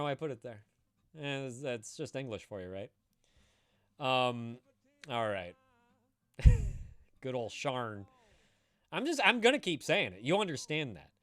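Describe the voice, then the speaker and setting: A man's voice: mid-range voice, sing-song, measured pace, pauses often, pushed and bright, dry recording. A man chatting casually on a live stream, rambling, laughing and swearing as he answers viewers.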